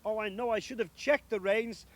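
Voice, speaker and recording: A man voicing a jolly, kindly old Father Christmas in a storybook reading, warm and fatherly. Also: sits high, normal speed, pitched above the performer's own voice. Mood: sad.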